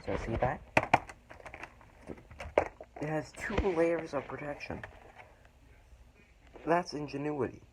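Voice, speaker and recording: A man's voice: fairly high pitch, takes it slowly, pauses often. A man hosting a joking home cooking vlog. He rambles, swears and makes fun of himself, a little out of breath, filming on a phone. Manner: self-mocking, swearing, rambling. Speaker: cooking vlogger. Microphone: phone held on his arm. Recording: loud background noise.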